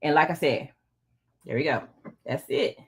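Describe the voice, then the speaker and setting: With slight background noise in the recording, a middle-aged woman speaks at a moderate pace in a low voice. She's running a casual live quilting tutorial, chatting to viewers as she works at her sewing.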